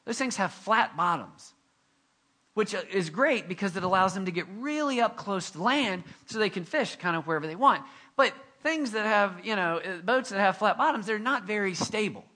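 A male pastor preaching a conversational, animated sermon with self-deprecating asides. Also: high-pitched, moderate pace.

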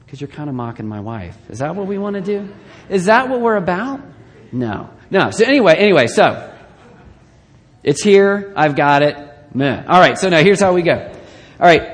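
A male pastor giving a conversational sermon with joking asides, swinging between loud bursts and quiet, hushed lines. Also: sits high. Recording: long reverb of a large hall.

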